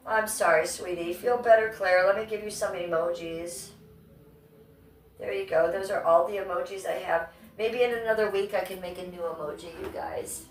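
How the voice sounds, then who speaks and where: A woman's voice: fairly low pitch, steady tone, moderate pace. A woman hosting a casual livestream from home on a phone microphone, chatting with viewers and her pets. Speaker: livestream host. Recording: roomy, distant phone audio, faint noise.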